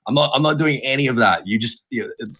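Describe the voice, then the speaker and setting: Bright-voiced man running a quiz. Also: medium pitch, fast talker. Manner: rambling, repeats words, swears freely. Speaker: quiz host. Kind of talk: casual podcast chat.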